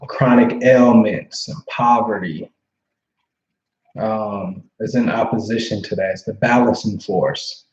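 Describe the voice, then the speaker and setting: A man hosts a laid-back livestream, talking in a loose, slangy way and often checking in with "you know what I'm saying." His voice sits at an ordinary middle pitch. The sound is a bit roomy and slightly muffled, like a home setup. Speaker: astrology livestream host. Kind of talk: casual livestream chat reading viewer comments.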